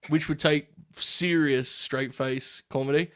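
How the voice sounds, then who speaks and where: A man's voice: a little high, a little slow, clean tone. Wry man musing in casual chat. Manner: relaxed, wry, builds comic scenarios. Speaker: podcast co-host.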